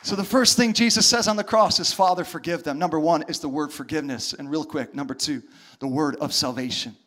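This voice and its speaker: A man preaching a sermon as a pastor, animated, acting out voices when he quotes. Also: a little high, fairly quick, a faint crowd.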